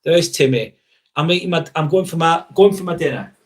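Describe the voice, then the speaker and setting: A man's voice: on the high side, brisk. Blunt Lancashire man chatting live. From northwest England. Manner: blunt and candid, swears freely, reads out viewer chat. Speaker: live stream host. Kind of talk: casual live-stream chat.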